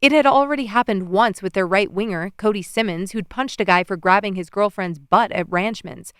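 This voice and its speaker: A woman narrates a first-person romance novel with expressive storytelling. Her voice is smooth and resonant at a mid pitch, and the close studio recording is dry with no room sound. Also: normal speed, no room sound. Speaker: audiobook narrator.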